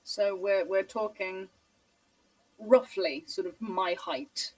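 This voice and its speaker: A woman's voice: medium pitch, steady tone, slow pace, darkish tone, no echo. A woman playing a tabletop game, thinking aloud about her character's moves. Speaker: player. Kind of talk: casual tabletop play. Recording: slightly distant from the mic.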